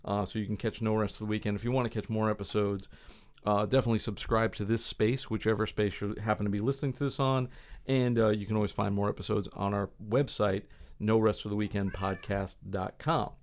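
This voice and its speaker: A fairly low-voiced man hosts a podcast from a recording studio. He reads out industry news items and keeps the chat easygoing and playful. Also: level tone, a little fast, a little mellow. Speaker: podcast host.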